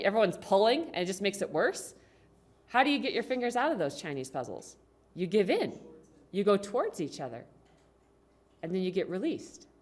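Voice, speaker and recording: Lively woman giving a talk. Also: medium pitch. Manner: lively, conversational, asks the audience questions. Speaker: speaker at a congregation. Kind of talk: talk on communication.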